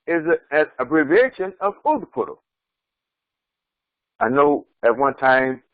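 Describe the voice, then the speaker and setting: Slow, lively-voiced imam teaching scripture. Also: male voice, mid-range voice, no echo, narrow, tinny audio. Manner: slow, repeats words, explains Arabic terms. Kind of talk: Quran commentary lesson. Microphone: screen-sharing lesson recording.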